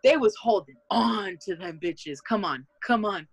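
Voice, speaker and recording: A woman co-hosting a casual podcast, loud, profane and animated, with big swings in her voice. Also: mid-range voice, unhurried, creaky, husky, low-quality recording. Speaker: podcast co-host.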